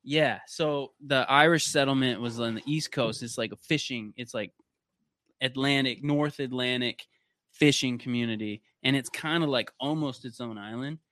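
A man's voice: mid-range voice, moderate pace, a bit bright, no room sound. A young man from Canada, a podcast guest, telling stories in a loose, rambling casual chat with plenty of swearing.

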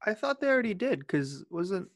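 A man's voice: sits high, very animated, moderate pace, no echo, studio quality. A man co-hosting a podcast in casual chat, joking and teasing his friend. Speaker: podcast co-host.

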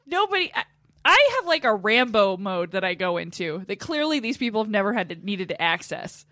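A woman co-hosting a casual comedy chat, animated and swearing freely, laughing often. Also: mid-range voice, brisk, no echo, clean studio sound. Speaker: podcast co-host.

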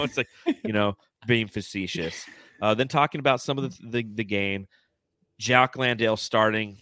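A man's voice: on the low side, fairly bright tone, no room sound, clean studio sound. A man hosting a casual sports podcast, reading out fan comments and laughing often. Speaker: podcast host.

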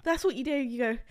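A woman's voice: high-pitched, fairly bright tone. A young woman co-hosting a podcast with her partner, blunt and indignant, swearing freely in casual banter. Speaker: podcast co-host.

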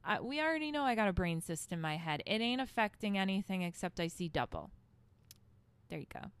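A woman's voice: medium pitch, sing-song, brisk, clear, resonant tone. Blunt, profane woman podcaster. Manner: blunt, profane and chatty with laughing asides. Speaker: podcast host. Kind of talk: casual storytelling monologue. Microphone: handheld microphone held close.

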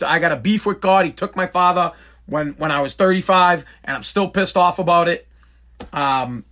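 Bright-voiced man telling a story. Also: high-pitched. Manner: rambling, blunt, self-interrupting. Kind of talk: casual storytelling monologue.

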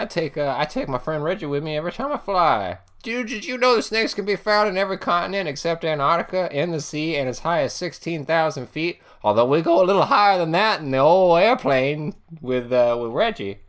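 Rambling lively man spouting trivia. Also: a little high, brisk, hardly any pauses. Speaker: player. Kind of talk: tabletop role-play, playing a snake-loving pilot.

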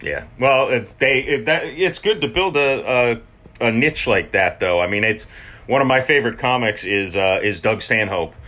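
Hesitant bright-voiced male podcast host. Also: mid-range voice, lively intonation, moderate pace. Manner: hesitant, many restarts, laughs easily. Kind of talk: casual chat.

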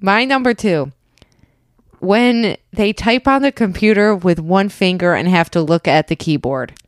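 A woman's voice: medium pitch, measured pace, no room sound, studio quality. A woman co-hosting a podcast in casual chat, teasing and wry, laughing often. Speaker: podcast co-host.

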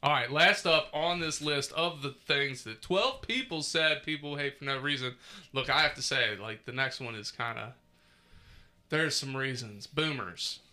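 A man's voice: medium pitch, unhurried, bright, forceful tone. A man hosting a casual podcast, working through a list in an easygoing way and laughing often. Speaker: podcast host. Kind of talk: casual chat.

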